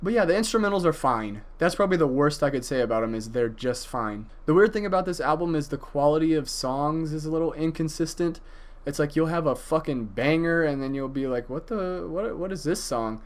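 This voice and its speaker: A man's voice: a little high, a little fast. A man casually reviewing an album, enthusiastic and profane, with frequent hesitations and fillers. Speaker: music reviewer.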